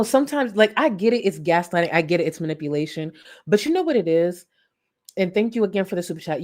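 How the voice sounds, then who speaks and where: A woman hosting a live-stream commentary, incredulous and animated, thanking viewers for donations between points. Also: fairly low pitch. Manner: animated, incredulous, thanks chat donors warmly. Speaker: commentary YouTuber.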